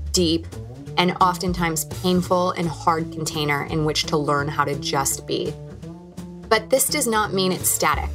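Low-voiced woman telling her own story. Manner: reflective, candid storytelling. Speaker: podcast host. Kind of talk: personal storytelling.

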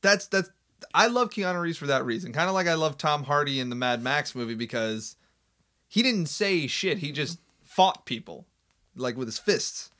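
A man's voice: on the high side, animated, moderate pace, pushed and bright. A man co-hosting a podcast in casual chat, rambling and jokey with frequent laughs. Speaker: podcast co-host.

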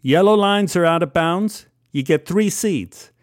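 A man's voice: high-pitched, a little slow, no room sound, clean studio sound, pitched above the performer's own voice. A man voicing a bored male contest registration worker who explains rules in a matter-of-fact way.

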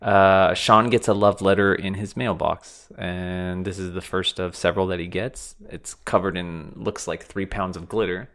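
Male podcast host, very low voice, relaxed, wry, casual film recap. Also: moderate pace, hardly any pauses. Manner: relaxed, wry, filler-heavy.

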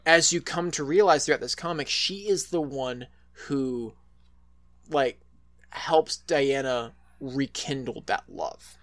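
A man's voice: mid-range voice, takes it slowly, a bit bright. A man co-hosting a casual podcast, rambling with many restarts and fillers and swearing freely. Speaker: podcast co-host. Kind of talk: casual chat.

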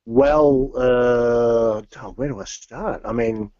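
A man's voice: mid-range voice, slow, mellow, dry recording, muffled recording. A man, a metal musician as interview guest, talking casually and rambling with many fillers and restarts.

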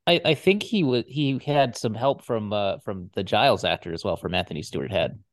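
A woman guest on a fan podcast, speaking eagerly and chiming in with quick agreements. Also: rumbling low, expressive, no room sound, clean studio sound. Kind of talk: casual fan discussion.

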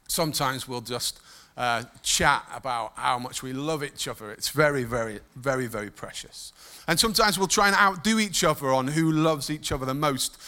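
A man preaching a sermon, telling stories with emotion and dropping suddenly soft. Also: medium pitch. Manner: emotional, animated storytelling with sudden soft drops.

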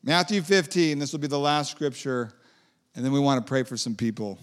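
A man's voice: medium pitch, expressive, fairly quick. A man preaching a sermon in a conversational way, with lilting, sing-song emphasis and casual asides.

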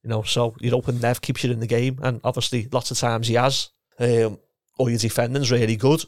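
A man's voice: medium pitch, level tone, brisk, dry recording, studio quality. A middle-aged man, a former footballer and coach chatting casually, rambling and restarting his sentences. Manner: rambling, repeats words, restarts often. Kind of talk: casual chat.

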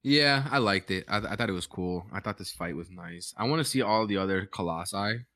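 A man's voice: fairly low pitch, a little fast, sharp tone. A man co-hosting a podcast in casual chat, laid-back and tired, talking in gamer slang and swearing casually. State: yawning, tired. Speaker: podcast co-host.

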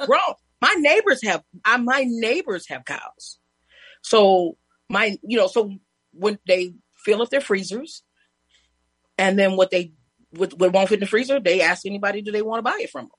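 A woman guest telling lively stories in casual chat, laughing and acting out other people's lines. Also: mid-range voice, normal speed, husky, no room sound. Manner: animated, laughing, acts out neighbors' lines.

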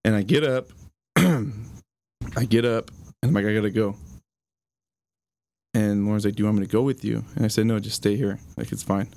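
A young man tells a personal story on a podcast. His voice sits fairly low, and his delivery is halting and casual, full of fillers and the odd curse. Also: steady tone, vocal fry, darkish tone. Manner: halting, many fillers, swears. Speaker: podcast guest.

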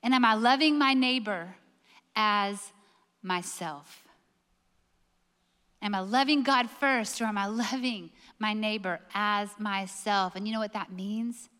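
A woman's voice: medium pitch, takes it slowly, pauses often, fairly bright tone, long reverb tail. A woman preaching a sermon, emphatic and full of rhetorical questions.

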